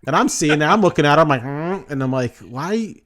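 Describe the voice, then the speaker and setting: A man's voice: fairly high pitch, racing, a bit bright. Man rambling through a profane story. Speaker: podcast host. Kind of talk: casual chat.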